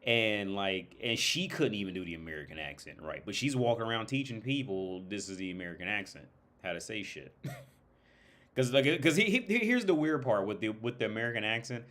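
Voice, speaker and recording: This man's voice sits lowish, with a fairly bright tone, and he talks briskly and expressively. He hosts a livestream in a loose, rambling way, swearing often and filling gaps with fillers. Now and then he slips into imitations of British and Irish accents.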